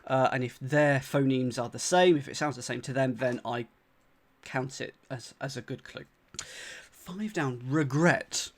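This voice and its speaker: A man's voice: medium pitch, a little slow. A man from the UK streaming live as he solves a crossword, thinking aloud, repeating clues and talking to his chat with lots of fillers and restarts. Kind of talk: casual live-stream commentary.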